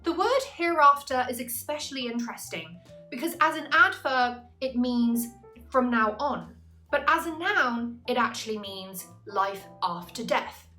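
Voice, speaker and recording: A woman tutor giving a scripted, analytical literature lesson, slowing down to stress key terms. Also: fairly high pitch, animated, sharp tone, faint music behind. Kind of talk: scripted explanatory narration.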